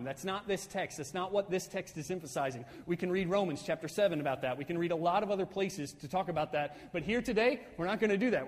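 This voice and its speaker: A man preaching a sermon as pastor, building to excited, emphatic bursts and tagging points with "right?". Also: sits high, in a large hall. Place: church sanctuary.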